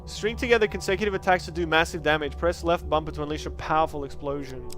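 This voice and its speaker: A man's voice: on the high side, quick pace, fairly bright tone, soft background music. A man streaming a card game, chatty and joking as he thinks aloud about his choices. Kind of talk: casual game commentary.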